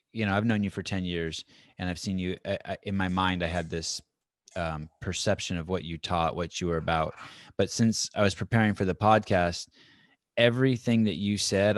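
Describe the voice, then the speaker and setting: A man with a lowish voice hosts a podcast, reflecting aloud and searching for his words. The sound is dry, with no room echo. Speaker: podcast host. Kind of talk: casual conversation.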